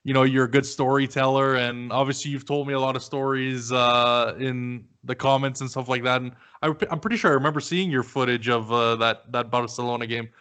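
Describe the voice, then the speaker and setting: A man hosts a relaxed podcast conversation. He talks loosely and casually, drops the odd curse word, and chuckles through his own anecdotes. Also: mid-range voice, brisk, hardly any pauses, smooth. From Canada. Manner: chatty, swears casually, laughs while telling stories. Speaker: podcast host.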